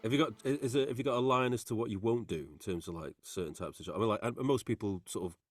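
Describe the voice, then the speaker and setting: A man's voice: lowish voice, fast, music in the background. A man with a Manchester accent co-hosting a podcast, chatting casually, laughing often and poking fun at himself. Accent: Mancunian. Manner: lively, self-deprecating, laughs often. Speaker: podcast co-host.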